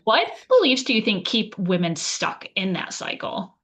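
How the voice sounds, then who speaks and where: A woman's voice: mid-range voice, sing-song, normal speed, fairly bright tone. A woman hosting an interview podcast, affirming her guest and then posing questions in an encouraging way. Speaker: podcast host. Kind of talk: conversational interview.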